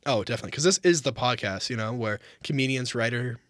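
A young adult man hosting a comedy podcast, trading teasing, deadpan jokes with his co-host. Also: medium pitch, fast, dry recording, studio quality. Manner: teasing, deadpan jokey banter. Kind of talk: casual comedic chat.

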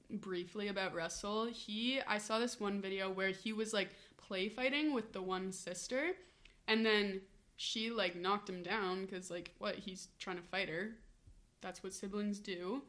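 Young woman podcast cohost, bright tense voice, chatty storyteller. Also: medium pitch, measured pace. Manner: chatty, many "like" fillers, animated storytelling. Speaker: podcast co-host. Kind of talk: casual chat.

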